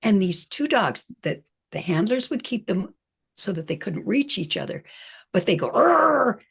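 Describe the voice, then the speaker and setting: Woman, podcast host, husky tone, explains then asks questions. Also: on the low side, sing-song, moderate pace. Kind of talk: casual interview chat.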